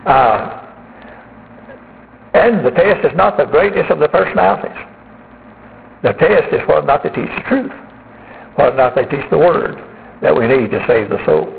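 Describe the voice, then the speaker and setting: Man, sermon, measured and unhurried, lots of "uh", long reverb. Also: a little high, expressive, vocal fry. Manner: measured, unhurried preaching with frequent fillers. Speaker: preacher. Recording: phone-like audio in a long-reverb hall.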